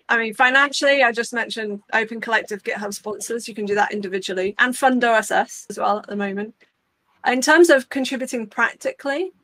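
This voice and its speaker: A woman on a panel walking through practical steps in a clear, conversational way. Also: fairly high pitch, a bit bright, dry recording. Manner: clear, practical, step-by-step explaining. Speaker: open source community leader.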